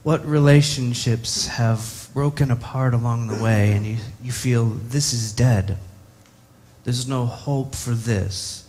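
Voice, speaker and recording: A man's voice: medium pitch, steady tone, slow, darkish tone. A man preaching a sermon, reflective and posing many rhetorical questions to the congregation.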